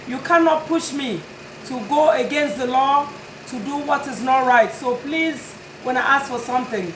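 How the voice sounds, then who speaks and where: A woman's voice: high-pitched, normal speed, fairly bright tone, roomy sound, a little hiss or hum, rough recording. A woman who runs a notary business, speaking straight to her customers in an earnest, pleading but firm way. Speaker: notary and tag and title business owner. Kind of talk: direct-to-camera talk to customers.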